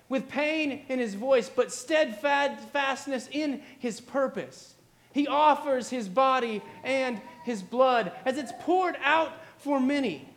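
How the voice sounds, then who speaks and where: Very high-voiced, slow preaching man. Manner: dramatic storytelling with repeated refrains. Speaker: pastor. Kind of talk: sermon.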